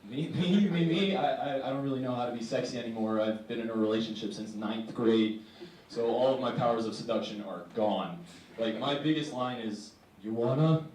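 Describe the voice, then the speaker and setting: A man's voice: lowish voice, fairly even intonation, brisk, darkish tone. Young man doing wry stand-up. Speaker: stand-up comedian. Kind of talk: stand-up comedy set. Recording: echoey room, distant mic, faint hiss.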